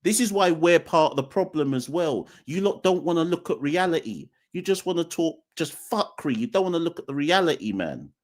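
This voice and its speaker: A man's voice: on the high side, animated, fairly quick, hardly any pauses. A man hosting a live cricket podcast, talking emphatically, repeating his points and speaking straight to the chat. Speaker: podcast host. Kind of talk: live-streamed call-in commentary.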